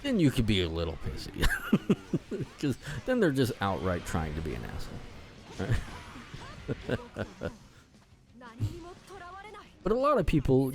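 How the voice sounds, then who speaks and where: A man with a lowish voice rambling through a casual rant while playing a game. He talks loosely, full of "like" and "um" and restarts, and swears freely. Soft game music sits faintly behind him. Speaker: gaming channel host. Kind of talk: casual gameplay commentary rant.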